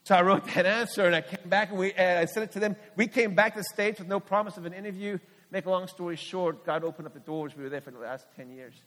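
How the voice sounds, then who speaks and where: A man's voice: sits high, steady tone, fast, few pauses, fairly bright tone. A middle-aged man, a missionary pastor, giving a candid testimony in a sermon at church, telling his story earnestly with frequent restarts. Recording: long hall reverb.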